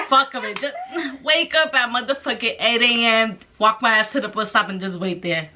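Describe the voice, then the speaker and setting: A brash, profane young woman tells her story in a casual vlog, her voice bright and forceful. She jumps between loud exclamations and hushed asides over a faint hiss in the background. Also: on the high side, normal speed, hardly any pauses. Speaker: vlogger.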